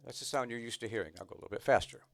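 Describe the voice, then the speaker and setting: Over loud background music, a medium-pitched, creaky male voice talks rapid-fire as he teaches snare drum technique. He patiently explains and counts rhythms aloud between his demonstrations.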